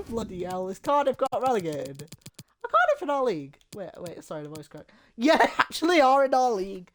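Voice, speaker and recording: A man's voice: very high voice, very animated, brisk, fairly bright tone. A man giving casual, rambling and jokey commentary while streaming a football game.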